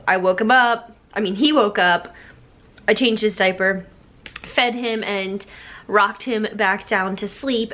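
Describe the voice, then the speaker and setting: A woman's voice: mid-range voice, fairly bright tone. A young woman chatting casually and rambling to her camera at home. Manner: rambling, chatty, self-deprecating. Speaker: vlogger. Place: living room at home.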